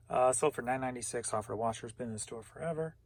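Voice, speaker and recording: Man, casual reseller rundown, gravelly, raspy, relaxed item-by-item listing. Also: mid-range voice, fast talker. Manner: laid-back, chuckling, lists items one by one. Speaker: online reseller.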